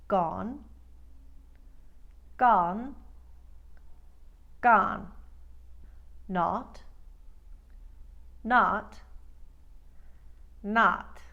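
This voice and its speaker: A woman speech coach walks through accent sounds at an unhurried pace. She draws out each example word with careful enunciation, repeating vowels for comparison. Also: mid-range voice. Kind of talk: accent tutorial.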